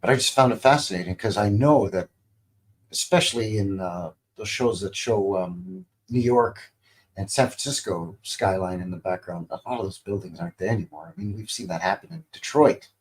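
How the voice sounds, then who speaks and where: A channel host in his fifties rambles through old TV clips on a casual livestream, dropping lots of fillers. His voice is fairly low and unhurried, and he keeps tossing in wry little jokes.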